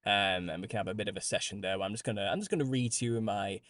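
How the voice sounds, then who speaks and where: A man's voice: lowish voice, rapid-fire, fairly bright tone. Chatty British man hosting a live stream. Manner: chatty, laughs often, restarts phrases. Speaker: host. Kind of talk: casual live-stream chat.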